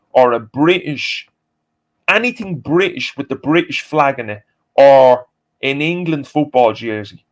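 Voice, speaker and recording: Animated man in his sixties ranting. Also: fairly high pitch, low-quality recording. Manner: animated, emphatic, uneven pace. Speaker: livestream host. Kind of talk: casual live-stream rant.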